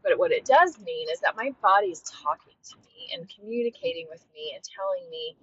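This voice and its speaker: Woman host and fitness coach, earnest heartfelt reflection with a lively voice; dull recording with a faint hiss. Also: a little high, moderate pace, creaky. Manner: earnest, heartfelt, with frequent restarts. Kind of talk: reflective solo monologue. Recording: dull, slightly lo-fi with faint noise.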